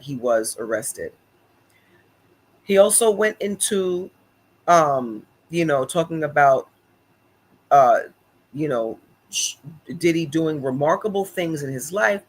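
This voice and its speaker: A man recapping events casually on a live stream, chatty and animated, with lots of fillers and asides to viewers. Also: a little high, poor audio. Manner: animated, chatty, many fillers and repeated "honey, listen".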